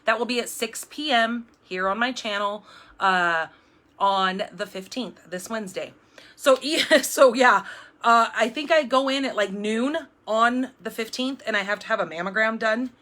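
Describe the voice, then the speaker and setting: A chatty middle-aged woman hosts a live card-making stream from her home craft room. Her voice sits a bit high and sounds bright and lively. She rambles cheerfully, stacking fillers and restarts. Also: moderate pace. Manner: jumpy, self-described.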